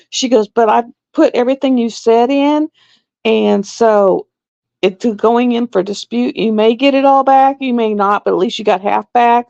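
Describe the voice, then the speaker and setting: A woman telling stories on a live stream in a casual, animated way, laughing and acting out voices. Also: fairly high pitch, normal speed, vocal fry, dry recording. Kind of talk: casual storytelling chat. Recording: dull lo-fi sound.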